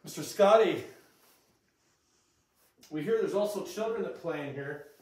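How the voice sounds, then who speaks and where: A man's voice: a little high, expressive, brisk, dark tone. A man investigating the paranormal who keeps calling out questions to spirits in old rooms under renovation. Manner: asks questions aloud to spirits. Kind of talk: ghost-hunting vlog chatter. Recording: echoey room, mic at a distance.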